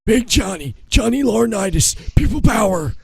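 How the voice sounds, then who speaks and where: Guy doing a high strained pompous boss voice, bit away from the mic. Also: very animated, normal speed, gravelly, husky, dry recording, clean studio sound, heavily acted.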